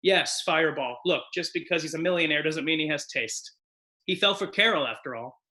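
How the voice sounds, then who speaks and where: A man giving a deadpan comedic poetry reading over a video call, reciting in a mock-solemn, theatrical way. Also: on the high side, a little fast. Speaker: guest performer.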